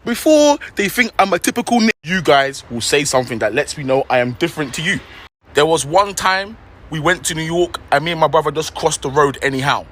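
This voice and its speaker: A man with an English accent telling a story in an animated, slangy way. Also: fairly high pitch, a little fast, a little hiss or hum. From England. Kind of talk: storytelling reaction.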